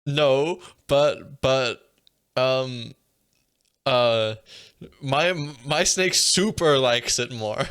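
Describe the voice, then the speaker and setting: Slow-talking deadpan man. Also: mid-range voice, clear, resonant tone. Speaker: podcast co-host. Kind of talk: casual banter.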